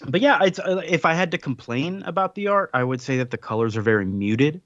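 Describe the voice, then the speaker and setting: A man's voice: fairly high pitch, expressive, brisk, fairly bright tone, no echo, dull audio. A man hosting a comics podcast in a casual, rambling chat, laughing often. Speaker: podcast host.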